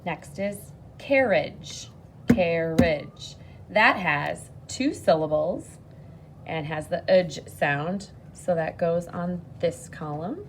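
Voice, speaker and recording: Woman teacher doing a phonics lesson, slow and patient, kinda low voice. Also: noisy background. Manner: patient, encouraging, slow and clear.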